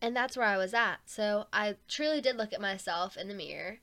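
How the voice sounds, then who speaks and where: A young woman speaks alone on her podcast in an easy, chatty way. Her voice sits in an ordinary middle pitch. She talks earnestly and openly, and "like" keeps slipping into her sentences. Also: brisk, fairly bright tone, no room sound. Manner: chatty, heavy use of "like", frank and earnest. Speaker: podcast host. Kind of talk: casual personal podcast monologue.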